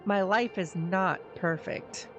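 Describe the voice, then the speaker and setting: A woman's voice: on the low side, slow, faint music behind. Woman reading an earnest kind boy. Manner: gentle, earnest. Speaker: streamer reading a story game aloud.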